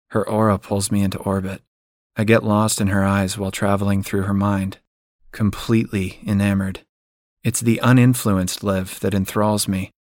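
Quiet, low-voiced male narrator. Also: no room sound, clean studio sound. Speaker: audiobook narrator. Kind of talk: first-person story narration.

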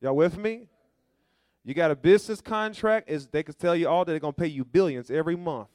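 A pastor preaches in a folksy, storytelling style, repeatedly tossing questions to the congregation and having them fill in words in a call-and-response manner. His voice is a little high for a man, with a darkish, dry tone and no room echo, and he speaks fairly quickly.

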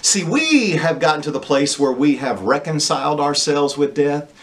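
A man preaching a sermon, asking the congregation rhetorical questions and pausing for emphasis. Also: on the high side, animated.

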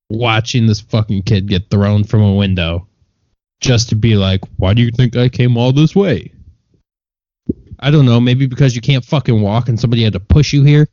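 A man's voice: on the low side, a little mellow, no room sound, lo-fi sound. A man co-hosting a podcast, ranting bluntly and with lots of swearing in casual chat. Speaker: podcast co-host.

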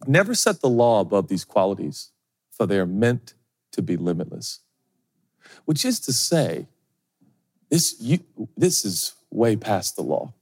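A middle-aged man preaches a sermon with a lively, bouncing pitch that swoops up and down. He jokes at his own expense and slips into other people's voices as he tells his stories. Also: a little slow, pauses often, big-room sound. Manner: animated, humorous, acts out quoted voices; self-deprecating storytelling. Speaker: pastor.

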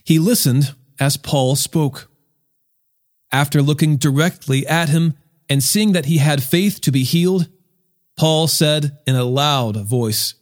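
A man reading a Bible passage aloud in a measured, expressive way. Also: a little high. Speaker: scripture reader.

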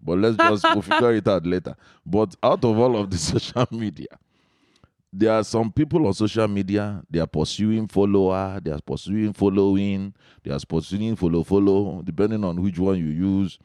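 A man's voice: low-pitched, lively intonation, moderate pace, darkish tone, no echo, clean studio sound. A man hosting a podcast, asking playful, teasing questions in casual chat. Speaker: podcast host.

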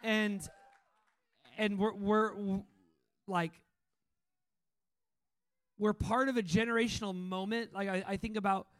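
A young man giving an informal, excitable sermon talk, telling stories and often laughing. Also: high voice, unhurried, pauses often. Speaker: speaker at a training school.

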